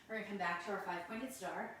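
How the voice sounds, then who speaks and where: A woman yoga teacher gives calm, step-by-step cues, a little out of breath as she moves through the poses herself. Her voice is mid-pitched and rings through a very echoey room, picked up from some distance with faint ambience behind. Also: slight background noise. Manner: calm step-by-step cues with self-aware asides. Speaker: yoga instructor. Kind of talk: guiding a yoga class.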